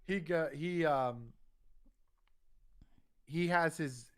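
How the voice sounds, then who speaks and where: A young man tells a long, swearing story in casual talk, his voice sitting a little high for a man. The sound is close and dry, with no room around it. He rambles, and he perks up whenever he acts out his own lines. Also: extremely slow, no room sound. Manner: profane, rambling, animated when quoting himself. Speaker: podcast co-host.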